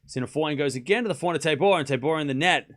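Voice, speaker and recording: A man hosting a live tennis watchalong stream, calling each rally shot by shot and chatting with his viewers in an excitable way. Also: a little high, racing. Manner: excitable, calls rallies shot by shot and talks to chat. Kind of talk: live play-by-play commentary and chat.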